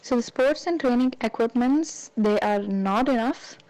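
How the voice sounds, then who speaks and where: A woman speaks in a mellow, warm tone at mid pitch. She answers carefully and factually as a state sports representative. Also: measured pace, poor audio. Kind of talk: interview answer.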